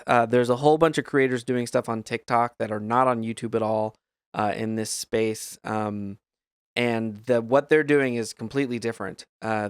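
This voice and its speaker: Podcast host dude, smooth clean voice, mid pitch, dry close mic. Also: male voice, no room sound. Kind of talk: casual chat.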